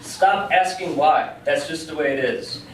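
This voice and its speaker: A man's voice: medium pitch, fast talker, over a noisy crowd, lightly acted. A man voicing a stern young woman who scolds him, read out in his own plain voice. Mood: scolding. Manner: scolding, matter-of-fact. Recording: echoey room, distant mic, background noise.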